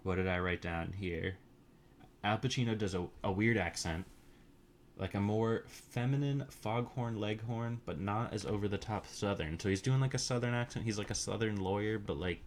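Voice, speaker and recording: A movie reviewer with a voice on the low side recaps films casually, in a crude, offhand and meandering style packed with fillers and asides. A little hiss or hum sits under the recording.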